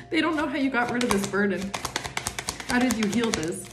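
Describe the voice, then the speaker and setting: A woman doing a casual tarot reading, talking emphatically and acting out what other people think. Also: fairly high pitch. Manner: chatty, emphatic, acts out imagined people's thoughts. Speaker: tarot reader. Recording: roomy echo with faint music.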